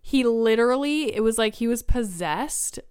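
Chatty young woman with a very clear voice. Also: fairly high pitch, lively intonation, normal speed, darkish tone, no room sound, clean studio sound. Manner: chatty, fills speech with "like". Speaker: podcast host. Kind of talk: casual storytelling monologue.

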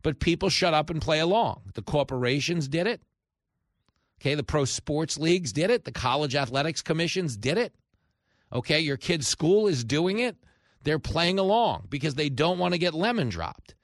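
A man hosting a radio talk show, telling stories animatedly and acting out the shouting people in them. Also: on the high side, moderate pace, dry recording, clean studio sound. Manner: animated storyteller, acts out shouting characters. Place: radio studio.

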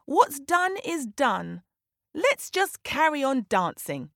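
A woman's voice: mid-range voice, very animated, slow pace, darkish tone, no echo, studio quality, full character voice. Woman doing a greedy, sheepish leopard. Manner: sheepish, stammering. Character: greedy, guilty male leopard.

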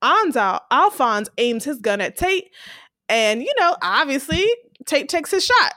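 Female podcast co-host, excitable recapper, high and very expressive, dry booth sound. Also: a little slow, no echo. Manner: animated storyteller, laughs often. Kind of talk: casual TV episode recap.

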